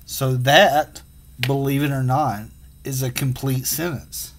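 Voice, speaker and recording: A man teaching a phonics and punctuation lesson to children, sounding out letters slowly and patiently. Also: medium pitch, fairly even intonation.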